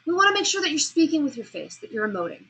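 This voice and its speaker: A woman teaching a class on public speaking, lecturing lively and demonstrating pitch and emphasis as she explains. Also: racing, rough recording.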